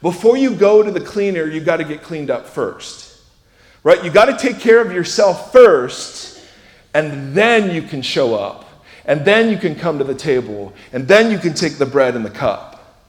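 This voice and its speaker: Conversational pastor in a reverberant hall. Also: male voice, on the high side, sing-song, unhurried. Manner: conversational, self-deprecating, swings from loud emphasis to hushed. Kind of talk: sermon. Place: church sanctuary.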